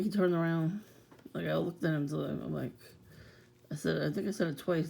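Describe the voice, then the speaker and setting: A woman's voice: low voice, steady tone, a little fast, creaky, mellow, husky. A woman vlogging in a casual, blunt rant, swearing freely and laughing often.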